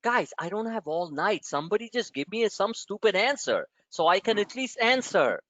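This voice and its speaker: A man's voice: sits high, sing-song, moderate pace, a bit bright, no echo. A man, a trading coach hosting a live member Q&A, who talks in a blunt and profane way straight at his listeners. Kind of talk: live online session, rambling rant. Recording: dull lo-fi, dry sound.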